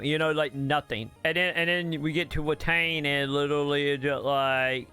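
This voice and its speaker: A man's voice: fairly high pitch, moderate pace, hardly any pauses, bright, forceful tone, clean tone, soft background music. A man hosting a gaming channel, ranting casually about a game's story, rambling with fillers and restarts and swearing bluntly when exasperated.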